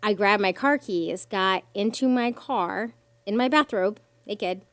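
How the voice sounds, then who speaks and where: A woman's voice: mid-range voice, measured pace, no room sound. A woman guest on a podcast, telling a personal story with strong emotion, swearing freely and acting out the voices of others. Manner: animated, swears freely, acts out quoted voices.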